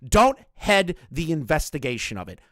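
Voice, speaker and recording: A man's voice: fairly high pitch, sing-song, normal speed, a bit bright. A man streaming from home, ranting in heated, profane, sarcastic commentary. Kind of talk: livestream commentary rant.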